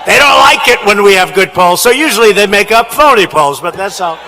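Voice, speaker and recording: Man, rally speech, shouted, emphatic repetition, tense bright tone, podium mic, large indoor hall. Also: high-pitched, lively intonation, a little fast, slight background noise. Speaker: politician at a rally.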